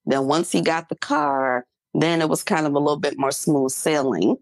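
A middle-aged woman co-host with a low voice talks in a loose, chatty way, full of fillers and little laughs. She is recorded close and dry, with no room sound. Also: normal speed, no room sound. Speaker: podcast co-host. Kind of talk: casual chat.

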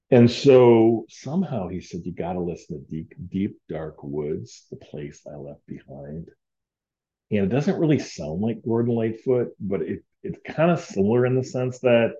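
A man's voice: sits low, dark tone, muffled recording. A man hosting a casual solo podcast, rambling and heartfelt with many fillers. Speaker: podcast host.

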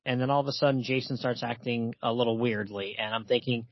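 A man's voice: medium pitch, steady tone, fast, dry recording, dull audio. A man hosting a podcast, casually chatting and reading comic-book dialogue aloud with light emphasis and frequent chuckles. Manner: reads quoted lines with light emphasis, chuckles often. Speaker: podcast host.

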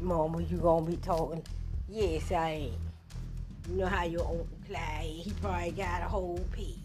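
A woman's voice: lowish voice, steady tone, moderate pace. A woman hosting a podcast in loose, slangy casual chat, swearing freely, with music playing behind her. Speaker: podcast host.

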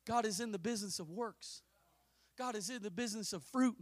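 A man preaching a fiery Pentecostal sermon as pastor, swinging from hushed asides to drawn-out shouts. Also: sits high.

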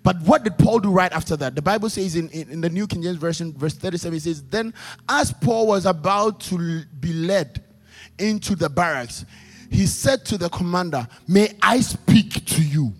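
High-voiced man preaching in a reverberant church. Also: normal speed. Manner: emphatic, repetitive call-and-response preaching. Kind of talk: sermon. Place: church service. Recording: long hall reverb with faint music.

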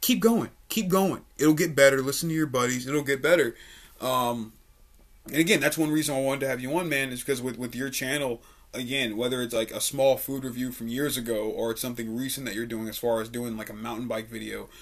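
Speaking briskly with fairly even intonation and a medium pitch, this young Richmond, Virginia comedian hosts his podcast from a studio. He swaps stories in a relaxed, profane way, his talk littered with likes and uhs.

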